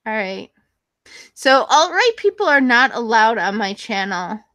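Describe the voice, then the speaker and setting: A woman's voice: on the high side, big pitch swings, unhurried, sharp tone, no room sound. Woman, casual vlog chat, rambling, blunt, profane, lots of fillers, dry room. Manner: frequent fillers and self-corrections. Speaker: YouTube channel host. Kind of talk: casual chat answering viewers.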